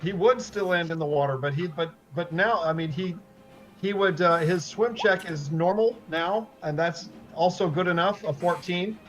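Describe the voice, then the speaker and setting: A man's voice: high-pitched, moderate pace. A man running a tabletop game as dungeon master, upbeat and encouraging as he rules on checks over voice chat.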